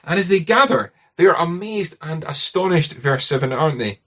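Husky-voiced Scottish preacher. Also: male voice, a little high, expressive, moderate pace, pushed and bright. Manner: conversational, asks rhetorical tag questions. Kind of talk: sermon.

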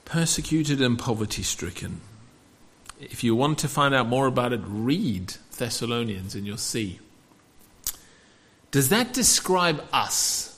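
A man preaching a sermon, asking the congregation rhetorical questions in an animated way. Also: medium pitch, measured pace.

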